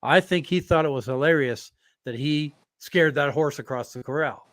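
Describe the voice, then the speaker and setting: A man hosting an interview in a casual, relaxed way, telling stories with drawn-out fillers. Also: fairly high pitch, no room sound, clean studio sound. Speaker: podcast host.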